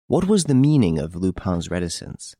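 A man narrating a classic novel as an audiobook, in a measured, formal storytelling manner. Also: sits low, very animated, warm tone, no echo, clean studio sound. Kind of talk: scripted narration.

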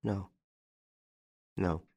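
A man reading aloud, voicing a frightened young wife who pleads in a higher, breathless voice. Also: very slow, mellow, no room sound. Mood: anxious.

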